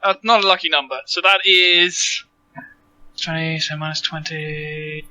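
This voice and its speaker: A man playing a tabletop game, joking and self-deprecating, with animated asides to the table. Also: a little high, measured pace, rough recording. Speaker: player. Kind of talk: casual tabletop play.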